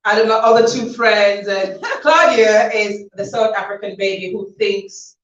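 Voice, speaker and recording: A woman giving a chatty, laughing thank-you speech to guests at her book launch, telling lively stories. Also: medium pitch, a little slow. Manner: chatty, laughing, animated storytelling. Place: event hall. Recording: dull, roomy, from far off.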